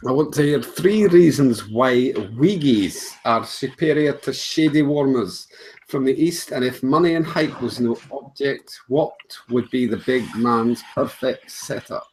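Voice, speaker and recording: A man reading out a question in a put-on Scottish accent, slow and deliberate. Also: mid-range voice, darkish tone, slight background noise, natural voice, poor audio. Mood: mock-serious.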